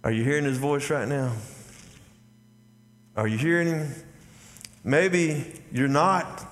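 A man's voice: a little high, slow pace, a bit bright, faint music behind. A man preaching a sermon as pastor, with a folksy manner, calling out to the congregation. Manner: folksy preaching, calls out "y'all" and "Amen?" to the congregation. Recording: long hall reverb.

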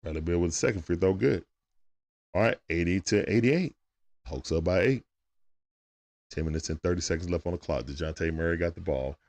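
A man giving casual, excitable play-by-play commentary on a live stream, chatting with his viewers in slang. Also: low-pitched, fairly quick, pauses often.

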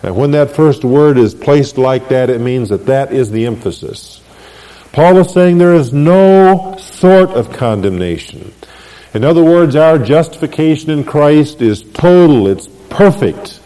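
A man's voice: medium pitch, dark tone, big-room sound, low-quality recording. A man preaching an expository sermon, asking the congregation questions as he teaches. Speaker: pastor.

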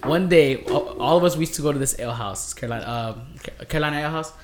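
A man co-hosting a casual podcast, telling stories in an animated, excitable way. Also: fairly high pitch, racing, background noise. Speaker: podcast co-host. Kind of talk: casual chat.

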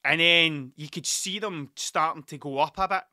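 A man's voice: fairly high pitch, moderate pace, pushed and bright, no echo, clean studio sound. A man, the podcast's host, telling a rambling, sweary and self-mocking story in casual monologue into a desk mic.

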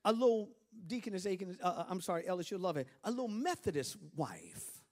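A man preaching a sermon as bishop. He swings from hushed asides to shouted peaks and laughs and banters with the congregation. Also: high voice, very animated, fairly quick.

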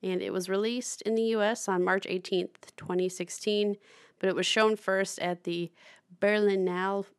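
A woman's voice: mid-range voice, steady tone, moderate pace, clean tone. A young woman co-hosting a film podcast, chatting casually with lots of fillers, restarts and laughter. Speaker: podcast co-host. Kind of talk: casual chat about films.

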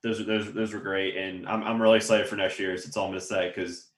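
A man co-hosting a casual sports podcast, relaxed and agreeable. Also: lowish voice, brisk. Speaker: podcast co-host. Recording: echoey room.

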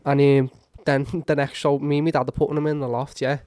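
A young man telling a story in casual chat among friends, swearing and acting out shouts. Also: mid-range voice, fairly quick, dry recording. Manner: animated storytelling, swears a lot, acts out shouts.

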